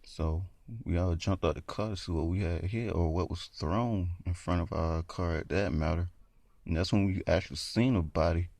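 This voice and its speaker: Low creaky guy just rambling thru a scary story, lots of "like". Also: steady tone, normal speed, darkish tone, dry recording. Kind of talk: casual spoken horror story.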